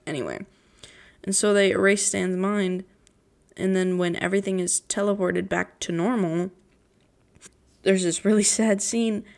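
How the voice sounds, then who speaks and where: A woman's voice: medium pitch, darkish tone. A teenage girl hosting a casual solo podcast, recapping a cartoon in a rambling way full of "like", emotional and with a voice quaking on the verge of tears. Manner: emotional, near tears, giggly, rambling with many "like"s. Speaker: podcast host.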